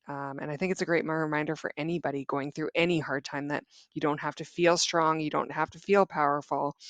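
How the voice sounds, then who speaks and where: A woman's voice: sits low, a bit bright, dry recording. Earnest woman guest, dry sound. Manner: earnest, reflective, with many restarts. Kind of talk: casual interview.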